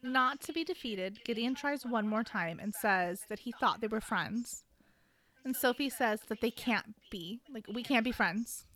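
A woman's voice: fairly high pitch, measured pace, fairly bright tone. A woman casually recapping a book on a podcast, playfully acting out characters' lines with sarcasm and the odd swear word. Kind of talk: casual chat.

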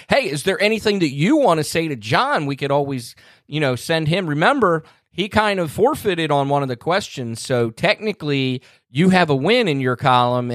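A man hosting a casual podcast chat, easygoing and quick to laugh. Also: a little high, a bit bright, no room sound, studio quality. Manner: easygoing, laid-back, laughs often. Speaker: podcast host.

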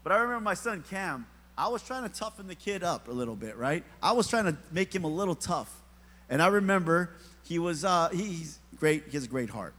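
A man's voice: on the high side, expressive, brisk, fairly bright tone. A middle-aged man preaching a sermon in a church, telling a story with humor and talking straight to the congregation. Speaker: pastor. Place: church sanctuary. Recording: long hall reverb.

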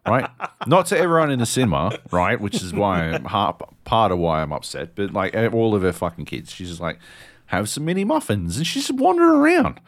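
A man, co-hosting a podcast and telling a story in an animated, swearing way. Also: on the low side, a little fast. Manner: animated, swears a lot, acts out voices. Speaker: podcast co-host. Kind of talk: casual storytelling chat.

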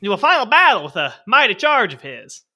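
A man's voice: high-pitched, big pitch swings, quick pace, pushed and bright. A man hosting a tabletop game podcast as dungeon master, teasing his friends in a playful, joking intro.

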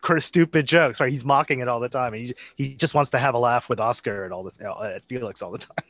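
Man co-host, eager and chatty, mid pitch, dry close mic. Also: quick pace, fairly bright tone, no echo. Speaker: podcast co-host. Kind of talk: casual chat.

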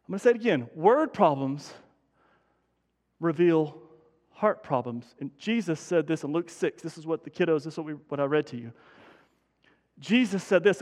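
High-voiced guy preaching, chatty but keeps hammering points, long hall echo. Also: a little mellow. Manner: conversational preaching with emphatic repetition. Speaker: pastor. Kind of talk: sermon.

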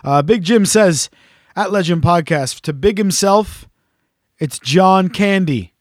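A man with a somewhat high voice hosts a podcast in casual chat, reading out listener messages. His delivery rambles and teases, full of ums and restarts. The sound is dry and close, with little room around it. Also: slow, dry recording. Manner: teasing, rambling with many fillers. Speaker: podcast co-host.

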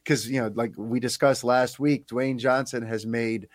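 A man's voice: mid-range voice, normal speed, no room sound. A man hosting a podcast, talking casually and animatedly with plenty of fillers. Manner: animated, chatty, lots of fillers. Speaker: podcast host.

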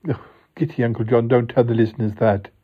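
Brief: man playing scruffy, chatty podcast co-host, husky, mid-pitched, improvised banter. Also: little pitch movement, fast, dull audio, natural voice. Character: scruffy, laid-back male podcast co-host, Cromitty.

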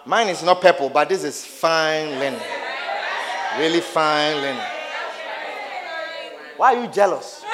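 A man's voice: fairly high pitch, expressive, measured pace, long pauses, a crowd in the background, background noise. A man preaching a sermon, calling out to his congregation with questions and playful teasing.

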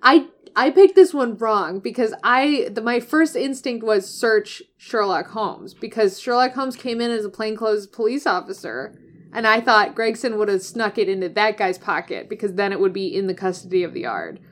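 A woman's voice: medium pitch, normal speed. A woman chatting casually about a game, reflecting on choices and story in a conversational, analytical way, laughing often. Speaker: podcast co-host. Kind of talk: casual chat.

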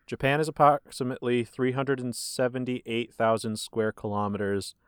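A man hosting a casual podcast chat and asking the questions, with blunt, dark deadpan humor. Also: medium pitch, normal speed, clear, resonant tone, dry recording, studio quality. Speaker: podcast host.

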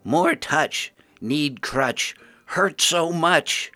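A man's voice: fairly high pitch, lively intonation, moderate pace, vocal fry, sharp tone, pitched above the performer's own voice, heavily acted. A man voicing a mad female ghoul who speaks only in shrieking singsong rhymes. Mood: wailing.

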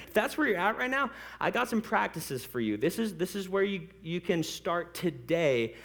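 A man's voice: sits high, very animated, moderate pace, few pauses, fairly bright tone. A man preaching a sermon as pastor, talking straight to the congregation in a joking, conversational way and laughing often. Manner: conversational, addresses the congregation directly.

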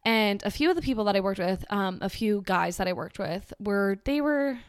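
A woman's voice: medium pitch, lively intonation, moderate pace, clear, resonant tone, no echo, clean studio sound. A woman in her twenties ranting casually and sarcastically, rambling with lots of fillers.

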